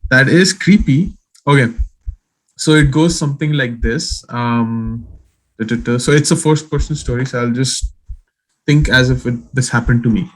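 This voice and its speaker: A man co-hosting a casual podcast who reads a horror story aloud in a slow, hushed creepy voice. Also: medium pitch, steady tone, poor audio. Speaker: podcast co-host.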